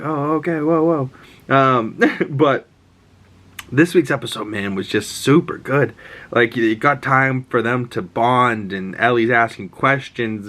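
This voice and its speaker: A man's voice: mid-range voice, pushed and bright. A man in his twenties gives a rambling, profane, enthusiastic recap of a show, full of fillers. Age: 20s.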